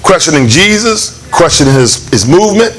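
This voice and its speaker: A man preaching a conversational, animated sermon in church, acting out lines of the story. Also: on the high side, normal speed, a crowd in the background. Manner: animated, conversational, acts out voices with laughs. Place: church hall.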